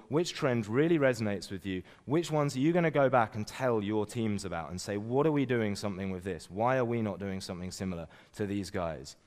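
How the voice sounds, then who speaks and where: A man giving an energetic business keynote at a conference, tagging his points with "right?" and "you know". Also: medium pitch, in a large hall. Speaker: conference speaker. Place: conference stage.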